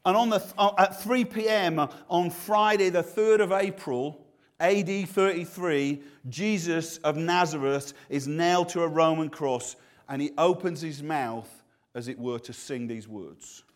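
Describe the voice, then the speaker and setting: A man's voice: a little high, a little slow. A man preaching a sermon, earnest and full of restarts and repeated words.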